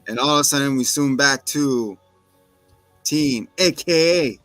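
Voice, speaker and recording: A man's voice: medium pitch, unhurried, a bit bright, faint music behind. A man co-hosting a casual chat, animatedly retelling a TV episode and acting out the characters' lines. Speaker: podcast co-host recapping a TV episode.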